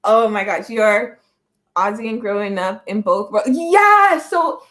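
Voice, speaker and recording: A woman in her thirties with a Canadian accent, hosting a livestream and telling stories in a rambling, animated way with many restarts. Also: mid-range voice, unhurried. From Jamaica, raised in Canada. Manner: rambling, animated storytelling with frequent restarts and laughs. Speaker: psychic livestream host. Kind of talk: casual livestream chat.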